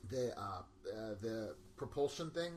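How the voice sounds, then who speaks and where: A man co-hosting a casual podcast, rambling excitedly about a film, often laughing and quoting lines from it. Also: fairly low pitch, measured pace, a little hiss or hum. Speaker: podcast co-host. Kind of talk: casual movie discussion.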